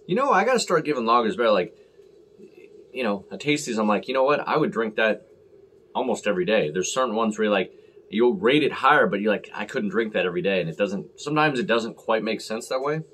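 A man's voice: on the low side, animated, moderate pace, a bit bright. A man talking casually and rambling as he reviews a beer on camera, full of fillers and self-deprecating asides.

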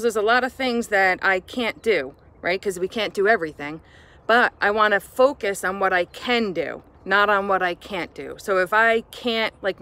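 A woman's voice: mid-range voice, fairly bright tone. Chatty, encouraging woman teacher. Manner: chatty, encouraging, addresses children directly. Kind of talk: morning message to students. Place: outdoors on a home porch by woods.

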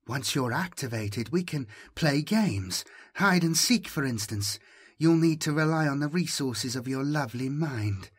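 A sinister, mocking robot voice that purrs and drops into husky half-whispers, as a man puts it on for an audiobook. Low and quiet, with a creeping, unhinged menace. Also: lively intonation, a little slow, dry recording. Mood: menacing. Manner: purring, hushed, half-whispered.

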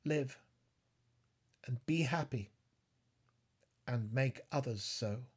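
A man reading aloud, voicing a gentle, resigned young woman facing death in a storybook reading. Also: fairly high pitch, a little slow, breathy edge. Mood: tender.

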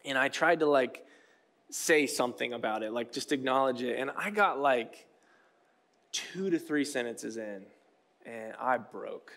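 Here a male pastor, around his thirties, gives a sermon with an unhurried, mid-range voice that is fairly bright. He talks conversationally and pokes fun at himself, often using fillers and starting sentences over.

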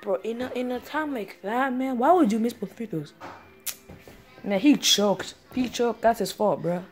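Woman reacting live to a game, kinda high voice, slangy, repeats stuff a lot. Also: a little slow, soft background music. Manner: excitable, repeats exclamations, slangy. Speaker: sports fan reacting live. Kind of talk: casual live reaction commentary.

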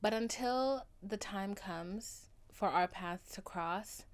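A woman's voice: medium pitch, slow. A young adult woman hosting a solo podcast, talking in an overdramatic, gushing and profane way. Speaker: podcast host. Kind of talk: casual solo podcast monologue.

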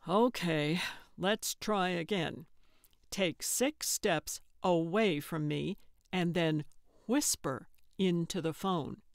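A woman's voice: on the low side, takes it slowly, no room sound, studio quality. A woman doing a weary, sarcastic male sidekick. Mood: dry. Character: exasperated dry-witted younger man sidekick. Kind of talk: audiobook character voice.

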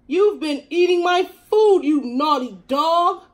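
A woman's voice: high-pitched, normal speed, mellow, voice pushed up, lightly acted. A woman voicing an indignant female pet cat who scolds sharply. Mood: scolding.

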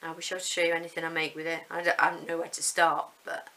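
A woman's voice: low-pitched, little pitch movement, fast, bright, forceful tone, rough recording. A woman, chatting casually and rambling a little as she unboxes yarn. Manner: chatty, rambling, self-deprecating. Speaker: vlogger showing yarn.

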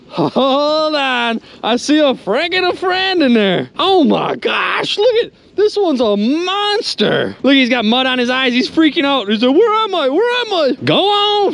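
Excitable man vlogging from a river boat. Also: very high voice. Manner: excitable, exclaims often, talks straight to viewers. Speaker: magnet fishing host. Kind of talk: excited outdoor vlog narration. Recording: clear outdoor boat and water noise. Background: boat and water noise.

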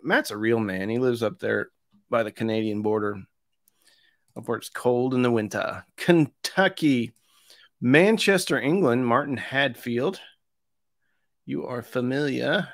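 A man hosting a live stream, chatting casually and reading out where his viewers are from, with jokey asides. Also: medium pitch. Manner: chatty, jokey asides between roll calls. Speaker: host of an audio review channel.

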